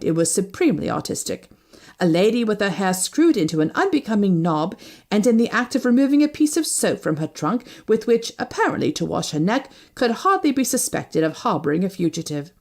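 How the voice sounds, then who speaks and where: A woman narrating a first-person novel as an audiobook, reading expressively. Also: a little fast. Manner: expressive, shifting pitch with each character.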